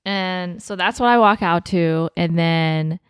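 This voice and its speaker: Young woman, casual podcast chat, lots of fillers and laughs, lower pitch, dry close sound. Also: takes it slowly, smooth, no room sound. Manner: chatty, laughing, many fillers and swears. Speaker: podcast co-host.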